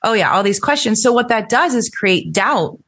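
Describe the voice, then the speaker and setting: A woman's voice: fairly high pitch, animated, moderate pace, fairly bright tone. A middle-aged woman, an interview guest, telling her personal story earnestly and lifting her voice when she quotes people.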